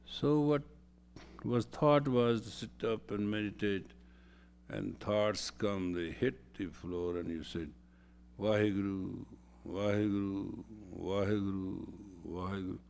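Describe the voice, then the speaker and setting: Man, spiritual lecture, low pitch, emphatic, repetitive phrasing. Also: slow, darkish tone, a little hiss or hum. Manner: emphatic, repeats phrases for stress. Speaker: spiritual teacher.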